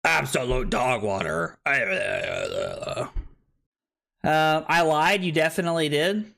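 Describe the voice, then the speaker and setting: A young man streaming a card game, chatting casually, excitable, laughing and swearing freely as he plays. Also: fairly high pitch, takes it slowly, gravelly. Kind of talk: casual live-stream chat while playing.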